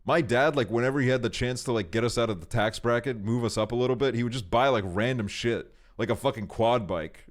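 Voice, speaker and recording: A man's voice: mid-range voice, fairly quick, hardly any pauses. A young man streaming, telling long stories in rambling casual chat full of fillers and swearing. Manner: rambling, profane storytelling with frequent fillers.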